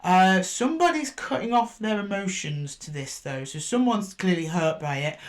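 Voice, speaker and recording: A woman talks through a tarot spread in a loose, chatty way. She repeats card names as she draws them, trips over her counting and corrects herself. Her tone stays reassuring throughout, at a middling pitch. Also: animated, normal speed. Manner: chatty and reassuring with frequent fillers and self-corrections. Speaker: tarot reader. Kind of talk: casual spoken tarot reading.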